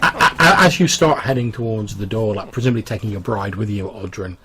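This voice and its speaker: A man's voice: on the low side, fairly quick, pushed and bright. A man narrating a tabletop game as game master, rambling with many fillers.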